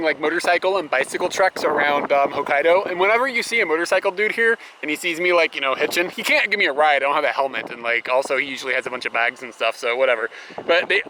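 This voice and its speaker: High, bright and forceful, the voice belongs to a young travel vlogger rambling casually to his camera near roads and rest stops. He uses fillers and laughs a lot; the low-quality outdoor recording includes plain traffic sound.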